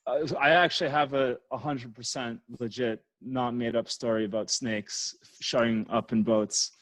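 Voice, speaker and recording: A man's voice: medium pitch, fairly even intonation, normal speed, fairly bright tone, dry recording, low-quality recording. A man from Canada, a podcast guest, chatting casually and rambling through stories with lots of fillers. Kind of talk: casual chat.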